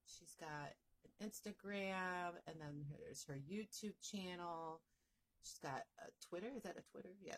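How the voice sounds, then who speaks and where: A woman vlogging as she unboxes a crochet gift, gushing and excitable, often repeating herself. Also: fairly low pitch. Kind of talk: unboxing vlog.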